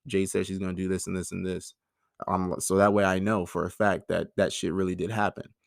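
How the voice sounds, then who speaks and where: A man's voice: deep voice, level tone, fairly quick, vocal fry, dry recording, studio quality. A man in his thirties hosting a personal monologue, talking in an emotional, frank way and swearing freely. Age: 30s. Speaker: podcast host.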